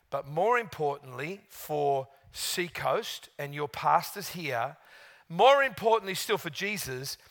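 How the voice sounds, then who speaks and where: A male pastor with a high, bright voice delivers a sermon. He's chatty and lively, restarting often as he tells his stories.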